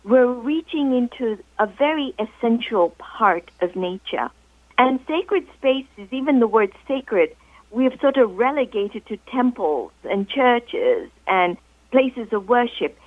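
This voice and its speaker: A woman with a somewhat high voice calls in to a radio interview and tells her story as a guest author. She explains at a measured, deliberate pace. The sound is thin and phone-like, with no room echo at all. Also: lively intonation. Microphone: telephone. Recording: tinny phone line, dry.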